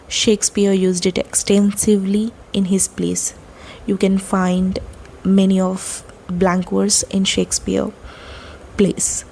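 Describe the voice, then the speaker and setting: A woman giving a lecture, explaining poetic terms step by step, with fillers and pauses. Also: medium pitch, warm tone, slight background noise, low-quality recording.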